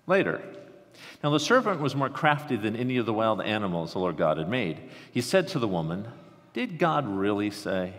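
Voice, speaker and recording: A man with a Midwestern American accent preaching a conversational sermon, swinging between animated excitement and hushed intensity. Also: medium pitch. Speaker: pastor. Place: large church sanctuary. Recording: reverberant sanctuary sound.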